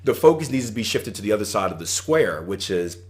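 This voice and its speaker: A middle-aged man with a lowish, sing-song voice talks briskly as host of his own solo podcast. A trading coach, he offers conversational coaching advice and retells anecdotes with animation.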